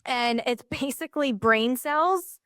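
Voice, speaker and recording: A woman chatting as a podcast guest, excited and rambling, with many fillers. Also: sits high, measured pace, dry recording, studio quality. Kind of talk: casual chat.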